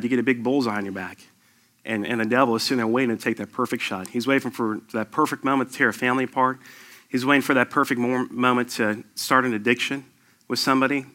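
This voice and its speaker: A man's voice: mid-range voice, bright, forceful tone. A man in his thirties giving an earnest sermon, telling a personal testimony with rising emphasis. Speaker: lay preacher sharing testimony.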